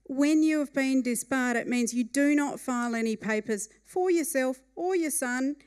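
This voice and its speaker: A woman voicing a stern male judge who speaks firmly and lectures a litigant in measured terms. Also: very high voice, clean tone. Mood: lecturing.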